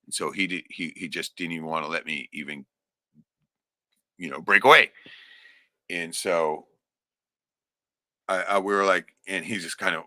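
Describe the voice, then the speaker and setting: A man's voice: low voice, steady tone, normal speed, long pauses, sharp tone, no room sound, clean studio sound. A middle-aged man telling a rambling, profane personal story in casual chat. He laughs often and keeps checking in with "right?".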